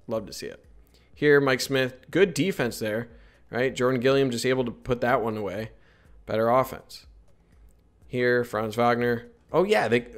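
A man narrating basketball highlights in a casual voice-over breakdown, chatty and often tagging his points with "right?".

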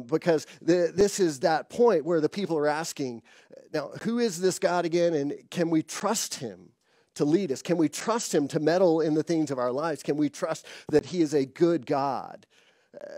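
A man's voice: mid-range voice, a little mellow, no room sound, studio quality. A man preaching a conversational sermon, laughing now and then and acting out quoted dialogue. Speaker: pastor.

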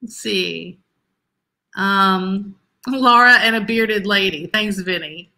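A woman's voice: medium pitch, takes it slowly, sharp tone. A woman co-hosting a casual live stream, teasing her co-hosts and reading viewer comments aloud in a chatty way. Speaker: co-host of live resale show.

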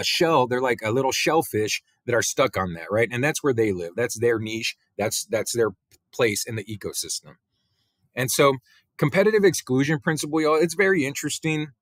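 A male teacher giving a relaxed biology lecture, talking through slides with many fillers and "right?" tags. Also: mid-range voice, no echo. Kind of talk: recorded classroom lecture.

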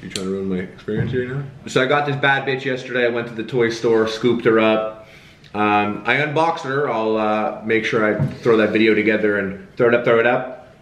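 A man's voice: lowish voice, normal speed, a bit bright, roomy sound, a little hiss or hum. A man vlogging in a loose, joking way, swearing casually as he chats to the camera. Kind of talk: casual vlog chat.

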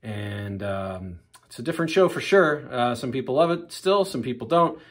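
Man, mid pitch, laid-back host, lots of fillers, casual sign-off. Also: animated, moderate pace. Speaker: channel host, interviewer.

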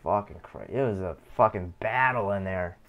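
A man's voice: lowish voice, normal speed, highs cut off. A man casually streaming a card game, swearing often and rambling in complaint. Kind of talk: casual live-stream commentary while gaming.

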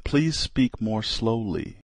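A man reads practice phrases for language learners at an unhurried pace, pausing after each one. His voice sits a little low and has a husky edge. The recording is dry and close, with no room sound. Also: no room sound. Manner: reads short phrases one at a time with pauses. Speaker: language lesson reader. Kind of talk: slow reading of practice phrases.

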